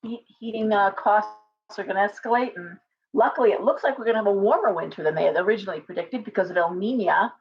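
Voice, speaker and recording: A woman's voice: medium pitch, fast. A middle-aged woman hosting a casual live chat from home, rambling and greeting viewers by name. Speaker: livestream host. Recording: dull lo-fi livestream audio.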